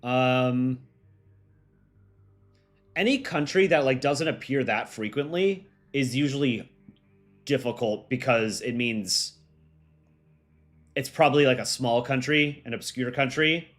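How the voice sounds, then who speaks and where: A young American man chatting casually on a live stream as its host, relaxed and full of ums and likes. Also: mid-range voice, slow pace, pauses often, faint music behind. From United States. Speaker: streamer and voice actor.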